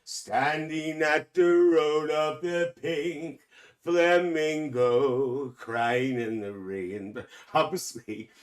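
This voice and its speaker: A man's voice: fairly high pitch, fairly even intonation, extremely slow, distant mic. A man playing a cheeky, gossipy older auntie, hosting a live stream and calling everyone dear. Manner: gossipy, calls everyone dear, laughs often. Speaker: livestream host. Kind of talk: live stream chat in character.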